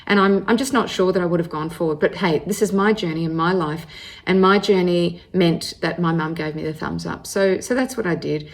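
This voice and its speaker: An Australian woman in her forties tells her personal story as the host, talking in a lively, conversational way. She stops and starts often, fills pauses with little ums, and keeps the telling casual and open. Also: fairly low pitch, gravelly. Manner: animated, chatty, many fillers and restarts.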